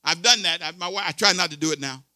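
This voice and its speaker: A man in his sixties preaches with a high, piercing tone, leaning hard on repeated words and calls for response. The sound is dry and close, with no room around it. He swings between quiet asides and loud exhortation. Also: fast, dry recording. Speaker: pastor. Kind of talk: sermon.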